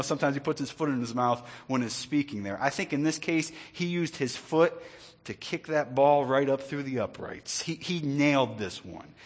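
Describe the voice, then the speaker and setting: A male pastor, preaching in a conversational way with joking asides and repeated words. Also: a little high. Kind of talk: sermon.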